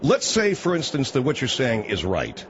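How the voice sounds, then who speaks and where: A man's voice: mid-range voice, wildly swooping pitch, normal speed, a crowd in the background. A man hosting a comedic talk radio show, brash and sarcastic, mocking his guest. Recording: muffled broadcast audio with faint hiss.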